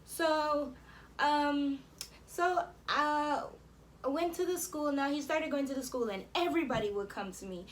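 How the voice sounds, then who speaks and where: A woman's voice: high-pitched, unhurried. An eighteen-year-old woman from Jamaica, telling a story casually to camera with lots of "um" and "like". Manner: chatty, many fillers like "um" and "like". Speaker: vlogger.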